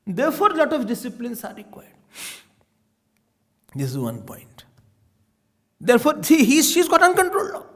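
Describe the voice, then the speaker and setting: A man with an Indian accent, a swami giving a spiritual discourse with animated storytelling and Hindi words mixed in. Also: very high-pitched, moderate pace, long pauses. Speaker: swami giving a scripture talk.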